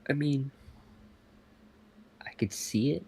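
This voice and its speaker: A young man co-hosting a casual podcast chat, laid-back and making short, measured remarks. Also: medium pitch, vocal fry, warm tone, breathy edge. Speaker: podcast co-host.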